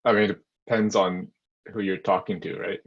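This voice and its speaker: A man's voice: sits low, little pitch movement, moderate pace, lo-fi sound. A male student answering his teacher's question tentatively in class.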